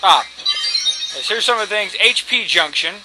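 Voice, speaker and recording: A man's voice: sits high, lively intonation, normal speed, poor audio. A man giving casual, cocky, joking commentary while playing a video game, swearing freely. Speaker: let's play commentator. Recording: game music behind.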